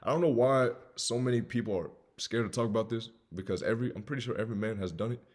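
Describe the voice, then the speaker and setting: Speaking fast in a mid-range voice, a young man in his twenties with a slight Southern US accent gives an earnest self-improvement talk to camera. He's emphatic and repetitive, shifting between loud urging and quiet confession.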